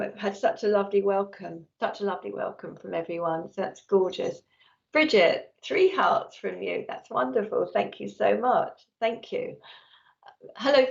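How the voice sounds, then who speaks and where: A woman's voice: mid-range voice, vocal fry, highs cut off. A woman working as a psychic medium, giving a live-streamed reading and talking nonstop in an effusive, chatty way.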